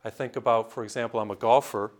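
Priest giving a sermon. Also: male voice, fairly low pitch, steady tone, fast talker. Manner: storytelling with voiced characters and jokes.

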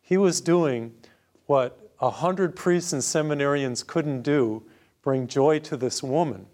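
A man's voice: on the high side, slow pace, a little mellow. A middle-aged male priest giving a homily, telling a personal story in a conversational, earnest way and stressing his point with repetition.

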